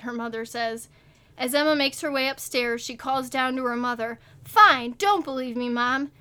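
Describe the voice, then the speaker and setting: A podcast co-host with a high-pitched, fairly bright voice reads a comic story aloud for her friends. She gives the characters small voices in the quoted lines and breaks into laughter often.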